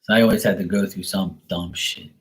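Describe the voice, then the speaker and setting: A middle-aged man talks loosely on his live stream, blunt and full of swearing. His voice sits a little low. He rambles with plenty of fillers and now and then acts out other people's lines in a raised voice. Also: fairly even intonation, a little fast, low-quality recording. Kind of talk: casual live-stream chat.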